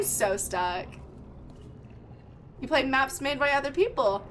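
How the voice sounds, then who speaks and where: Young woman game streamer: high, bright, unhurried, rambling chatter to her chat. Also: lively intonation, a little hiss or hum. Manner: chatty, thinks aloud, greets chat loudly. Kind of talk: live gameplay chat with viewers.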